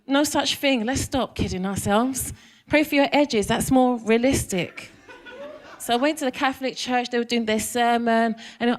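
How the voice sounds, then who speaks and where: A woman's voice: a little high, normal speed. London woman doing stand-up, crowd-teasing. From England. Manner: chatty, teasing the crowd with questions. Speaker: stand-up comedian. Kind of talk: stand-up comedy set. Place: comedy club stage.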